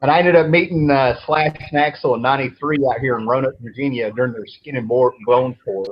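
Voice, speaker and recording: Here a thirty-something man hosting a show tells meandering tales at a slightly quick clip, his medium-pitched voice holding steady. His easygoing storytelling is peppered with swearing, and the lo-fi recording sounds dull with a faint hiss.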